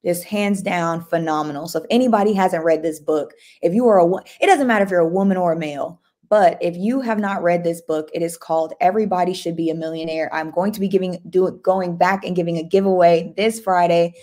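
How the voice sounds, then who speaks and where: Upbeat woman, livestream host, slightly low voice, eager and restless delivery. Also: fairly quick, few pauses. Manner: excitable, upbeat, restarts and repeats herself. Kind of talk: casual motivational livestream talk.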